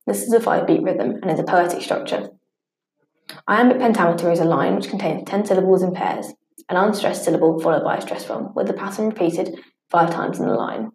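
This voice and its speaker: A woman with a lowish, gravelly voice reads out a scripted study lesson, tripping over a word now and then and starting it again. Her tone is mellow and dark, and the echoey room gives it a roomy ring. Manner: reads steadily from a script, stumbling and restarting on harder words. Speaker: teacher.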